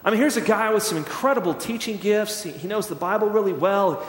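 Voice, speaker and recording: With a high-pitched, brisk delivery, a middle-aged pastor acts out scenes while telling conversational stories in his sermon. The recording, made in an echoey church hall, carries a little hiss or hum.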